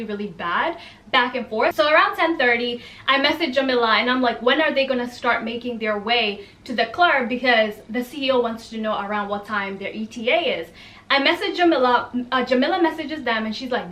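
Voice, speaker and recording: Bright-voiced young woman telling a story. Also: a little high, brisk, roomy sound. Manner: animated, exasperated storytelling with quoted dialogue. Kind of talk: casual storytime monologue.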